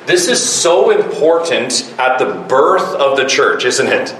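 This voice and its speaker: A man's voice: fairly high pitch, lively intonation, fairly bright tone, a little hiss or hum. A man leading a Bible class, reading verses and constantly quizzing his students with short questions. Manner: keeps quizzing the group with quick questions. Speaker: Bible study teacher. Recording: echoey room from a distant mic.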